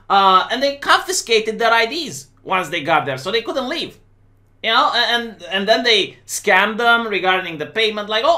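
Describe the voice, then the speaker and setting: A man's voice: high voice, pushed and bright. A young man with a Romanian accent giving a casual, sarcastic monologue, full of fillers and restarts. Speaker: political commentator streamer.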